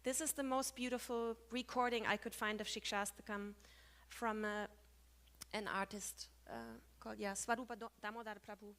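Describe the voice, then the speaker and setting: A woman's voice: a little high, fairly even intonation, normal speed. A woman giving a conference talk on Sanskrit poetic meter, chatty and full of small self-corrections. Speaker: lecturer.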